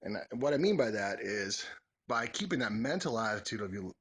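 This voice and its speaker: A man's voice: fairly low pitch, lively intonation, moderate pace, fairly bright tone, breathy edge. A man in his forties chatting casually as a vlogger, answering follower questions in a joking, rambling, folksy way. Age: 40s. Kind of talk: casual Q&A chat.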